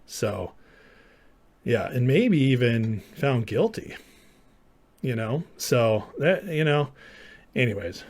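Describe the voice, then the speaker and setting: A man's voice: medium pitch, animated, slow, long pauses, darkish tone. A man hosting a live show, arguing hard with viewers in chat, sarcastic and mocking, now and then mimicking his opponents. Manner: combative, argumentative, mocking. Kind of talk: live stream commentary, responding to chat.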